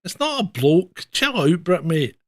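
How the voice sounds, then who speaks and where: A man's voice: high-pitched, big pitch swings, a little slow, no echo, clean studio sound. A man co-hosting a casual news roundup, mocking the stories with disbelief. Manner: incredulous, mocking. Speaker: co-host. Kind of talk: casual news commentary chat.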